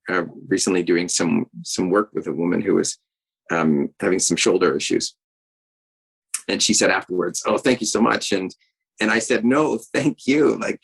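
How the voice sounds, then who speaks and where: A man with a low, gravelly and husky voice speaks slowly and reflectively. He tells a personal story in a group conversation on a video call, pausing often with ums and starting his phrases over. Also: fairly bright tone, poor audio. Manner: hesitant, many ums and restarts. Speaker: art teacher and practitioner in a discussion group.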